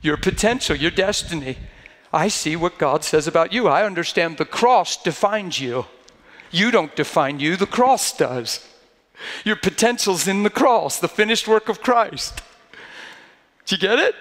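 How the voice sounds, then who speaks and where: A man's voice: high-pitched, lively intonation, a little slow, a bit bright, long reverb tail. A man preaching a sermon in a conversational way that builds to fervent emphasis, now and then acting out mocking quoted voices.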